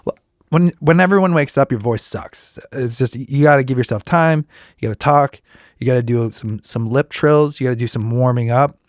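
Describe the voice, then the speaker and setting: A middle-aged man, a working musician hosting his own podcast, talking casually with a tired voice and often restarting his sentences as he rambles through vocal warm-ups. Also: medium pitch, normal speed, dry recording, clean studio sound. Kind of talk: casual solo reflection.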